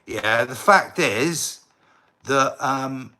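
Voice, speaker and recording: A man's voice: mid-range voice, extremely slow, sharp tone. An English man on a casual livestream, rambling and talking straight to his chat viewers, now and then flaring up in indignant bursts.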